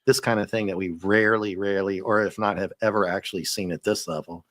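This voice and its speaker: A man with a fairly low voice talks comics in a loose, chatty way, laughing as he goes and tripping over restarts. The sound is close and dry, with no room around it. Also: steady tone, fast, a bit bright, dry recording. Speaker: comics review host. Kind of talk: casual comic review chat.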